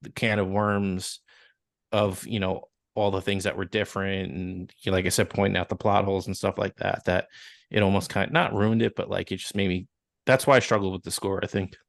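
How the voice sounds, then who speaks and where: A man's voice: deep voice, level tone, a little fast, vocal fry, no echo, clean studio sound. A man co-hosting a movie podcast, playful and giggly, with many fillers. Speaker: podcast co-host. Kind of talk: casual movie chat.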